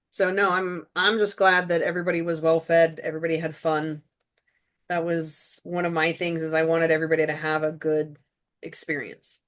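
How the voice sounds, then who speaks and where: A woman's voice: sits low, level tone, normal speed. A woman who made the series, chatting casually and gratefully in a commentary, with a loose, rambling way of talking. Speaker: show creator and producer.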